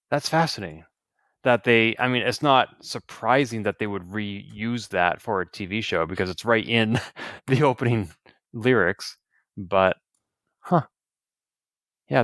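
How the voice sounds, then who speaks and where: A man co-hosts a podcast, chatting casually and rambling with frequent restarts. His mid-range voice is a bit bright, captured in clean studio sound with no room sound.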